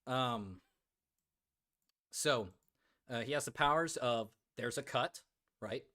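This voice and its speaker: A livestream host with a mid-range, sharp-toned voice talks slowly while joking around. He reads viewer comments aloud and fills his speech with plenty of fillers.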